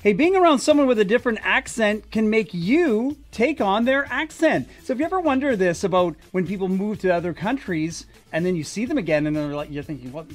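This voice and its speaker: A man's voice: high voice, lively intonation, fairly quick, few pauses, soft background music. A man co-hosting a morning radio show, chatting in a playful, enthusiastic way in a studio. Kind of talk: casual radio banter.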